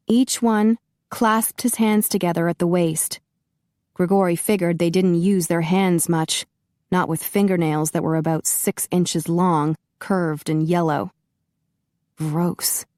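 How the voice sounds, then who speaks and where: A woman narrating a paranormal romance audiobook in a steady, even storytelling manner. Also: lowish voice, dry recording, studio quality. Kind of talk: scripted narration.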